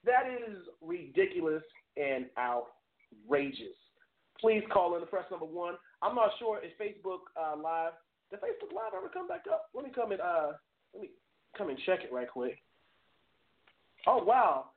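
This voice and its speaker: A man's voice: high-pitched, lively intonation, unhurried. A man hosting a live call-in talk show, speaking earnestly, stammering and laughing at himself. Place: home studio. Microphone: webcam streamed live. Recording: tinny phone-like audio.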